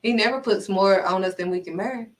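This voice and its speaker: An animated woman giving an informal faith talk, slipping into acted-out dialogue as she goes. Her voice sits at an ordinary pitch and sounds slightly removed from the microphone. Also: a little fast, recorded from a distance, low-quality recording. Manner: animated, acts out quoted dialogue. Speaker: faith vlogger. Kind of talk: casual inspirational faith talk.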